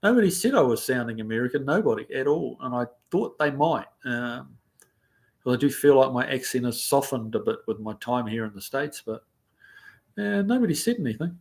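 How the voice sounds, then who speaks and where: A man's voice: medium pitch, lively intonation, fairly quick, a little mellow. A man with a New Zealand accent hosting a casual livestream, reading viewer comments aloud in a rambling, easygoing way with plenty of ums and uhs. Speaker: livestream host. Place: living in the United States.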